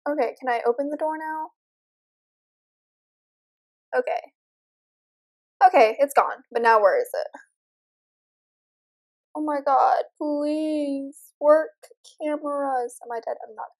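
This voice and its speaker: A woman's voice: sits high, slow, long pauses, a little mellow. A young woman nervously commenting as she plays a horror game, chatting to her viewers. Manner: nervous, jumpy, talks to viewers. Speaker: gamer.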